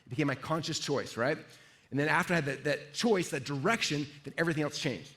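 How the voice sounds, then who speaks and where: Energetic fast-talking male seminar speaker. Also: on the high side. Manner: energetic, asks the audience questions, acts out inner voices. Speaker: sales trainer. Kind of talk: live seminar talk to an audience.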